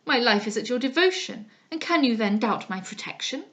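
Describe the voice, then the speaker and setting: Ardent gentleman suitor, read by a woman: effusive, flowery, insistent. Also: a little high, animated, brisk, highs cut off. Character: smooth, ardent male gentleman suitor, pushy. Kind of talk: dramatized audiobook reading.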